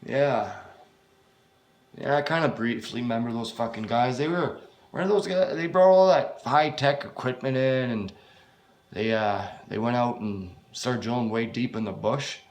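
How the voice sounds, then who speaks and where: A man's voice: mid-range voice, normal speed, echoey room, lightly acted. A man voicing a bitter, worn-out young man who answers bluntly, exasperated and swearing at every turn.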